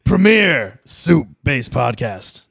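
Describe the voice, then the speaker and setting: Man doing a blustery talk-radio ranter, gravelly gruff delivery, dry close sound. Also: medium pitch, sing-song, slow, fairly bright tone, dry recording, exaggerated voice. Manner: gruff mock radio announcer.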